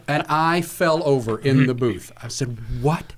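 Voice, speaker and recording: Lively male co-host telling anecdotes. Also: mid-range voice, measured pace, hardly any pauses, a little hiss or hum. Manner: animated anecdote telling, acting out quotes. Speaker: podcast co-host. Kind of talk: casual chat.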